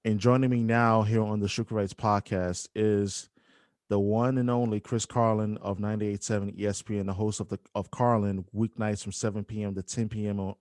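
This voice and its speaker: A young man hosting a podcast, speaking emotionally with halting restarts and apologies. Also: fairly low pitch, a little mellow, no echo, studio quality. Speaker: podcast host. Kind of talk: emotional podcast dedication and interview.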